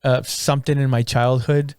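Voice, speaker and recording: A man, a stand-up comic, chatting crudely on a podcast, laughing often and telling animated stories. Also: mid-range voice, moderate pace, clear, resonant tone, no echo, clean studio sound. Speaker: podcast co-host. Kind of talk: casual comedian chat.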